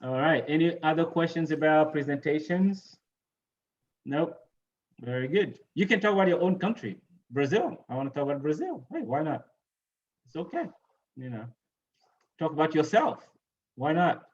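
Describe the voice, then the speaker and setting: A man's voice: on the high side, expressive, moderate pace, pauses often, darkish tone, muffled recording. A man teaching English pronunciation to a class over a video call, casual and repeating "you know" and "right?".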